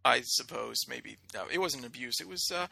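A man's voice: medium pitch, lively intonation, moderate pace, gravelly, pushed and bright, dry recording. A man co-hosting a podcast in casual chat, mock-boastful and theatrical as he jokes with his friends. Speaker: podcast co-host.

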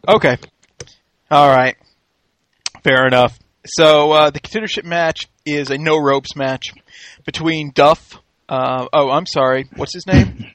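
Man, slightly high voice, dry close sound, joking casual host. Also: unhurried, fairly bright tone, dry recording. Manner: joking, wry, laughs often. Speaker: podcast host recapping a wrestling show. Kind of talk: casual chat.

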